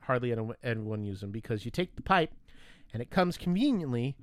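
A man telling a story in casual chat, animated and profane, acting out both sides of a conversation. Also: mid-range voice, brisk, dry recording.

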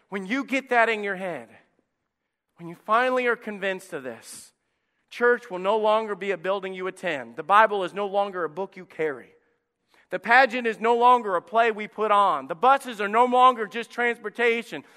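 A male pastor preaching a passionate sermon, swinging from quiet to loud. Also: sits high, moderate pace. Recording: echoey church hall.

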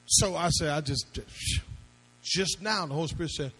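A husky-voiced man with a high-set voice preaches to his congregation. He works through points with repeated questions and climbs into shouted appeals. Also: moderate pace, poor audio. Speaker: pastor. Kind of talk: sermon.

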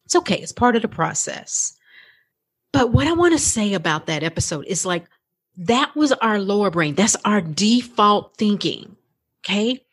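A woman's voice: medium pitch, sing-song, moderate pace, breathy edge. A woman in her thirties hosting a coaching podcast, talking in a chatty, encouraging way with lots of "like" and "right?". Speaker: podcast host and life coach. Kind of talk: casual podcast talk.

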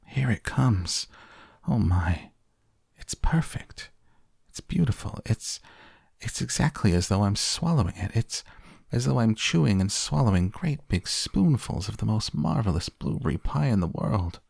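A bratty young girl who gushes and snaps, as a man puts her on. The voice underneath stays husky and creaky, and the recording is close and dry. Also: lowish voice, very animated, a little slow, a little mellow, no echo, pitched above the performer's own voice, full character voice. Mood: rapturous. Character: spoiled young girl, pushy and boastful.

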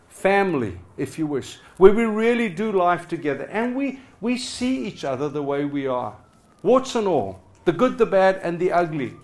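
A middle-aged man preaching a passionate sermon to his congregation, swinging from loud urging to quiet, hushed lines. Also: fairly high pitch. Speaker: pastor. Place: church hall with a congregation.

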